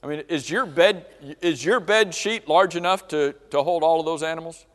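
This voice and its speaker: Man, slightly high voice, slow deliberate sermon with questions, church hall reverb. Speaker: preacher. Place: church auditorium.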